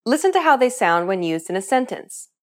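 A woman narrating a scripted language lesson, explaining clearly and upbeat, asking the learner questions. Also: fairly high pitch, very animated, brisk. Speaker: language teacher.

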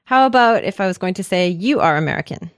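A woman from Canada leads a language lesson with a slightly low voice. She explains patiently and drops in dry jokes. The recording is close and dry, with no room sound. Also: lively intonation, quick pace, clean tone, no room sound. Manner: upbeat, joking, explains patiently.

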